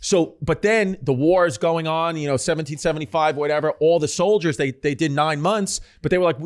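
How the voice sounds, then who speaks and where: A man's voice: on the high side, brisk, few pauses. Man rambling through history with crude jokes. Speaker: podcast co-host. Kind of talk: casual chat.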